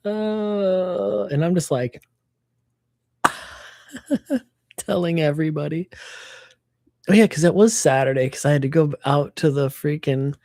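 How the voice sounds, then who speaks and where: A woman rambles through a story on her livestream, cursing casually and rushing between tangents. Her voice sits warm and mellow. The sound is dry, with no room echo. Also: sits low. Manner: animated storytelling, swears freely, acts out quotes.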